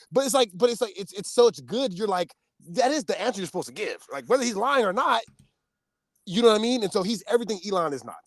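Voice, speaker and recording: Animated man telling stories, dry sound. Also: a little fast, no room sound. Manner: animated, storytelling, laughing often, swinging up high in pitch. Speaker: podcast co-host. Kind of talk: casual chat.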